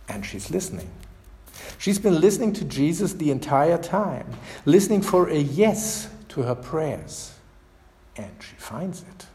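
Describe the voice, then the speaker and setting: A man preaching a sermon as pastor, asking rhetorical questions with dramatic pauses. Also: fairly high pitch, a little mellow. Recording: echoey church reverb.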